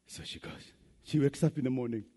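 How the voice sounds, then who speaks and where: A man's voice: medium pitch, fairly quick, mellow. A man with a Kenyan accent preaching a sermon, emphatic and switching between English and Swahili.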